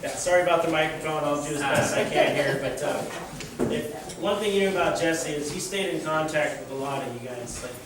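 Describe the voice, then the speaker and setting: A man's voice: fairly high pitch, a little fast. A man speaking casually and wryly at a memorial about a friend. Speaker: friend giving a eulogy. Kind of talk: memorial speech. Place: memorial hall. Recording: distant mic in noisy echoey hall.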